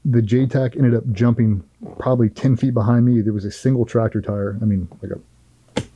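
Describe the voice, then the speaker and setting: A man's voice: mid-range voice, steady tone, normal speed, mellow, breathy edge, no room sound, highs cut off. A middle-aged man, a former Navy SEAL, telling a firsthand war story in an interview in a blunt, profane, vivid way.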